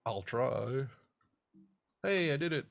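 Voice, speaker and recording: A man teaching a guitar lesson one-on-one, explaining technique as he demonstrates, swinging between lively stressed phrases and quiet asides. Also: mid-range voice, takes it slowly, gravelly. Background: guitar strumming.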